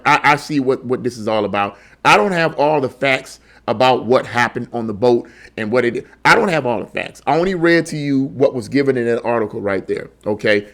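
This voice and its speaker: A man's voice: medium pitch, a bit bright. A man giving a heated commentary monologue on a news article. He stumbles over repeated words and keeps firing off rhetorical questions. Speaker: online political commentator.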